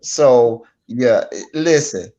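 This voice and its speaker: A man's voice: mid-range voice, extremely slow, warm tone, highs cut off. A man in a casual online panel talk, making his case with emphasis and repeating key points for stress. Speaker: YouTube commentator on a panel. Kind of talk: casual critical panel discussion.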